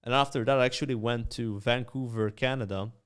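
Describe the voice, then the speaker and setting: A young man with a Maltese accent, a streamer who tells animated stories with lots of "uh" and "like" as a podcast guest. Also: medium pitch, fairly quick, clear, resonant tone. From Malta. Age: young adult. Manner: animated storyteller, many fillers. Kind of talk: casual storytelling chat.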